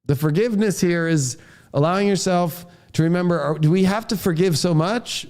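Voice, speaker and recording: A man with a high-pitched voice delivers an astrology forecast as a fierce, expletive-heavy rant. He is a father and talks in a heated, combative way. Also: brisk, darkish tone. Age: adult, a father. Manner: heated, profane ranting.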